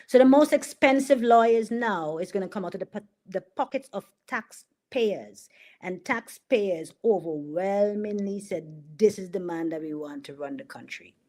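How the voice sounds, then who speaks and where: A woman's voice: mid-range voice, animated, moderate pace, mellow. A middle-aged woman hosting a political commentary livestream, sarcastic and mocking, hammering points home with repetition. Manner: sarcastic, mocking, laughs at her own jokes; emphatic repetition.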